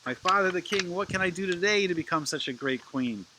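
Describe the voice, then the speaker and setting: A man's voice: high-pitched, fairly quick, noisy background, voice pushed up. A man voicing an eager little princess who keeps asking her father the king what to do next. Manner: excited, pleading questions.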